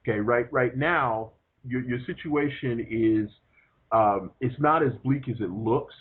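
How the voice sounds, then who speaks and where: A man's voice: mid-range voice, unhurried, a little hiss or hum. A man, himself a longtime veteran, coaching a job seeker over the phone in a reassuring, easygoing way. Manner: reassuring, easygoing, hesitant fillers. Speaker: career coach. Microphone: telephone. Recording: tinny phone line.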